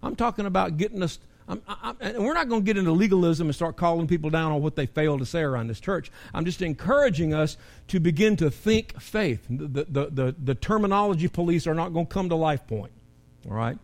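A pastor preaching a sermon in a church, animated, with rising and falling emphasis. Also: male voice, a little high, a little fast.

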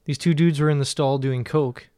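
A man co-hosting a comedy podcast whose voice sits a little higher than most men's. He rambles loosely through stories and chuckles often, and the recording is dry and close-miked. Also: steady tone, moderate pace, dark tone, clean tone, no room sound. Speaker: podcast co-host. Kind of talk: casual comedic banter.

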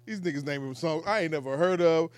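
A man's voice: on the high side, quick pace, clear, resonant tone, no room sound. A man in casual chat among friends, teasing the others and steering who talks next. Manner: teasing, profane. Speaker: podcast co-host.

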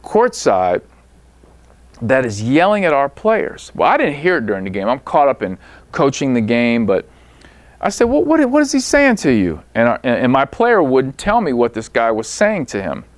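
A man tells a coaching story with lively swings in his voice, jumping up high when he acts out quotes. His voice is smooth and clear. The sound is close and dry. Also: moderate pace, no echo. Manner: animated anecdote-telling with voiced quotes. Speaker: basketball coach.

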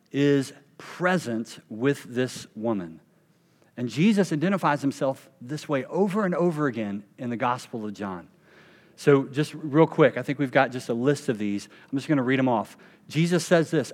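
A man pastor delivering a sermon with a mid-range voice. He leans hard on key phrases, stretching them out and dropping them to near a hush. The sound carries the long reverb of a church sanctuary. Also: medium pitch. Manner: emphatic, slows and drops to a hush on key phrases.

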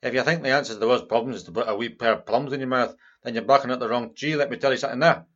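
An actor playing a rude, combative Glaswegian librarian with a strong Scottish accent in a comedy sketch. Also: male voice, mid-range voice, very fast, fairly bright tone, muffled recording, natural voice. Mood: scornful. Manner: abrasive, insulting, combative. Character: rude foul-mouthed older Glaswegian male librarian.

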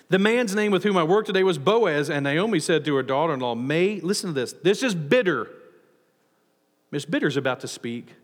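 A man preaching a sermon as a pastor, animated, with frequent restarts and acted-out quotes. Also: a little high, brisk, long reverb tail.

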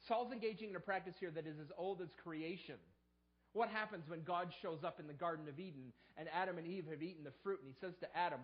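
A pastor delivers a fast sermon in a high-sitting voice on dull audio. Whenever he acts out the excuses people make, his voice jumps up sharply into the quoted lines.

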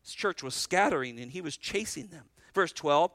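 A man preaching an expository sermon as pastor, reading scripture slowly and explaining it briskly, with animated swings between loud and soft delivery. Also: a little high, no room sound, low-quality recording.

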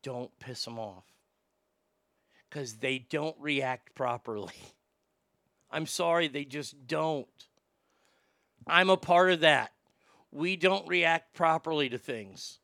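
A man's voice: a little high, slow pace, gravelly, long pauses, sharp tone, dry recording, clean studio sound. A man hosting a talk show, chatting casually in a blunt, sarcastic and profane way. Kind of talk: casual opinionated chat.

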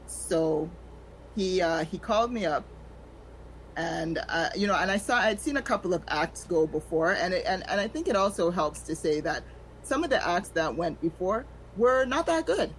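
A woman in her forties, a stand-up comedian telling stories in a frank, animated way, acting out other people's lines as she talks. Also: fairly low pitch, normal speed, slight background noise, low-quality recording. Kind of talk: storytelling in a podcast chat.

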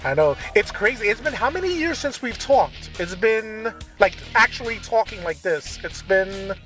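A man's voice: high voice, animated, normal speed, fairly bright tone, faint music behind. A man hosting a podcast, talking in a rambling, chatty way full of fillers. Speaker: podcast host. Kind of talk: casual chat.

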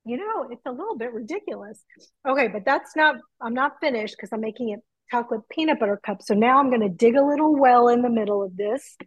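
A middle-aged woman chatting excitedly from her home kitchen over a video call, through earbuds. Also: fairly high pitch, quick pace, husky, no room sound, lo-fi sound. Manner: chatty, excitable, laughs easily. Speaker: guest.

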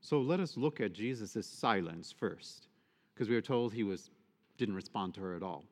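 A male priest giving a sermon, expressive and emphatic, often asking the congregation rhetorical questions. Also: fairly low pitch, moderate pace. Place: church. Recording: long church reverb.

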